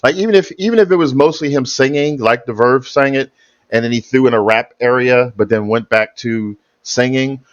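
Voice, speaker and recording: A man's voice: medium pitch, moderate pace, no room sound, lo-fi sound. A man hosting a reaction video, explaining his view in hesitant, rambling sentences. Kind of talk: casual reaction commentary.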